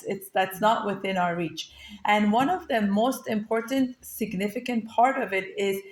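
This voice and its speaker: A woman's voice: medium pitch, echoey room. A woman giving a casual, chatty Torah lesson, telling personal stories with lots of fillers and restarts. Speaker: Torah class teacher.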